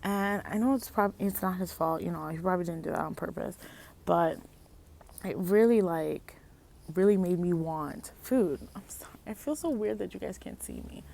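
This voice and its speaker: A woman vlogging outside at night on a phone, rambling casually and loosely, laughing and losing her train of thought, a little high. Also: moderate pace, vocal fry, mellow. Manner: rambling, laughing, self-interrupting. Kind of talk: casual chat. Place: outdoors at night.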